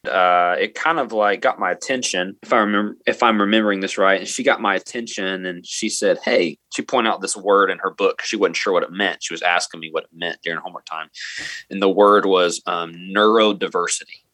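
A man's voice: low voice, steady tone, brisk, pushed and bright, no room sound. A man, a middle school teacher, earnestly telling a personal story in an interview and quoting what he and others said.

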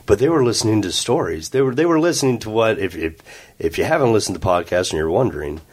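A man's voice: fairly low pitch, fast, slightly rough. A man from Ohio, a guest telling a story in casual chat in an office conference room, acting out what people said. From Ohio, USA. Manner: animated, acts out quotes.

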